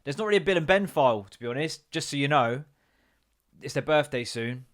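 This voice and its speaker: A man's voice: a little high, expressive, brisk. A man hosting a podcast, telling rambling, sweary stories with jokey put-on voices. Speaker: podcast host. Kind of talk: casual solo rant.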